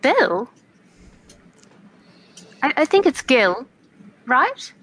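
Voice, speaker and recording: Woman playing a naive, bubbly adventurer; high, lively pitch, slow delivery. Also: husky, heavily acted. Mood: confused.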